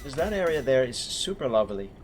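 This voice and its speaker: Casual man streamer, mid pitch, music playing under him at a home setup. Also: big pitch swings, fast. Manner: rambling, self-correcting, chuckling. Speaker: game streamer. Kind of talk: casual gameplay commentary.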